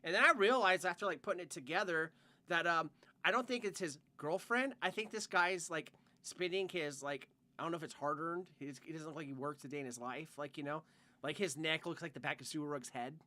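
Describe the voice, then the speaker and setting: A man's voice: a little high, fairly quick, sharp tone. A young man co-hosting a podcast, telling a rambling work story full of "like" and swearing in casual chat. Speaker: podcast co-host.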